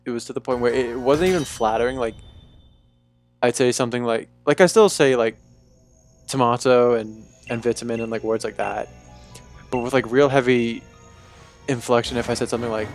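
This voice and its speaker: Young male streamer from Bermuda, blended English-neutral accent, loose rambling delivery with casual swearing, medium pitch. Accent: mixed, faintly English-tinged neutral. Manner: rambling, chatty, swears freely. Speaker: live streamer. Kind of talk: casual live-stream chat.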